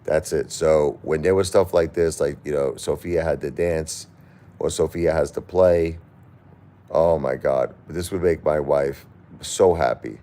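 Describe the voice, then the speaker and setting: Man, very deep low voice, middle-aged, grieving, halting, repeats words, live-stream talk. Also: steady tone, warm tone. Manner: halting, repeats words, grief-stricken and pleading. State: crying. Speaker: live streamer reading viewer chat.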